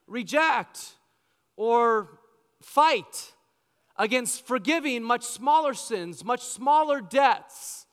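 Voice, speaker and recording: Preacher guy, high bright clear voice, emphatic sermon, church hall echo. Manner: emphatic, asks the listeners rhetorical questions. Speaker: pastor. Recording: long reverb of a large hall.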